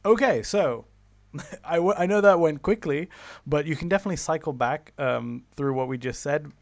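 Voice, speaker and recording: A man teaching a recorded online lesson, explaining step by step with many fillers and self-corrections and slowing down for drawn-out example words. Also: a little high, dry recording.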